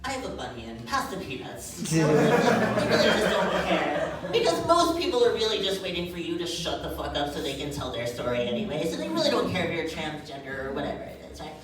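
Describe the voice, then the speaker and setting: Lively woman doing stand-up. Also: low-pitched, a little fast, hardly any pauses. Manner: animated, chatty, keeps asking "right?". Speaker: stand-up comedian. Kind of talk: stand-up comedy set. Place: comedy stage, live crowd. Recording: very echoey room, distant mic, noisy.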